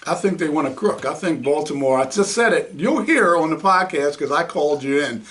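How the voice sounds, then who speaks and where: A man's voice: a little high, animated, fairly quick, a bit bright. A man hosting a political podcast, blunt and mocking. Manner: blunt, mocking, laughs at his own jabs. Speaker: podcast host.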